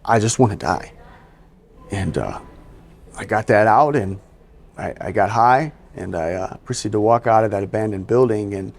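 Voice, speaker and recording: A man's voice: lowish voice, normal speed, creaky. A man, a guest on an interview show, telling his life story in casual, conversational talk, often adding "you know". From US East Coast. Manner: conversational, sprinkles in "you know" and acts out quotes. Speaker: podcast guest.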